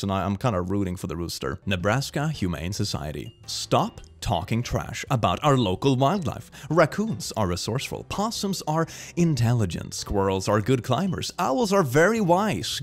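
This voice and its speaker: A man's voice: medium pitch, big pitch swings, moderate pace, hardly any pauses. A young man reading posts aloud and reacting with sarcastic comments, laughing often. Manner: sarcastic, laughs often, puts on silly voices. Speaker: reaction video host.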